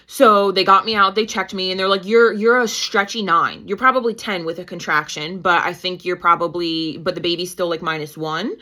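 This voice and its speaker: Animated woman with a bright voice. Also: brisk, few pauses. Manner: animated, quotes herself with pitch jumps. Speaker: guest, certified nurse-midwife and mother. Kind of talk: casual storytelling interview.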